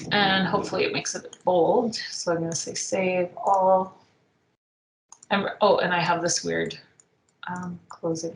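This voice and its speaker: A woman teaching a software tutorial, thinking aloud as she clicks through the steps, with frequent ums. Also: lowish voice, slight background noise. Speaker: instructor. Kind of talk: screen-recorded software tutorial. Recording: echoey room.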